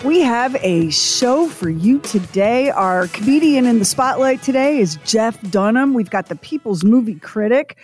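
A woman's voice: on the high side, lively intonation, a little slow, few pauses, darkish tone, slightly rough, soft background music. A woman co-hosting a radio talk show, telling stories in a chatty way and putting on voices now and then. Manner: chatty, storytelling, mimics voices. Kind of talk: casual chat.

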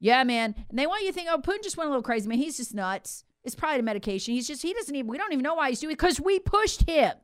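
A woman's voice: high-pitched, animated, quick pace, few pauses, no echo, studio quality. A woman delivering an emphatic, sarcastic political commentary monologue as host. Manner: emphatic, sarcastic, acts out quoted voices.

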